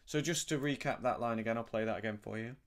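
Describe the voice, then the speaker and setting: Gentle man teaching harmonica. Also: mid-range voice, fast talker. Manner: gentle, explanatory, demonstrates by humming syllables. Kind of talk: relaxed spoken music lesson.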